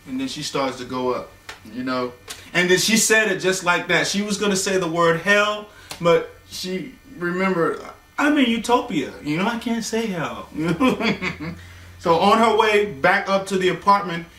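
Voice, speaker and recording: A man's voice: high-pitched, a little slow, pushed and bright, recorded from a distance. A man telling a casual bedtime story, rambling loosely with fillers and acting out the characters' lines. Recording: roomy echo, voice from away from the mic.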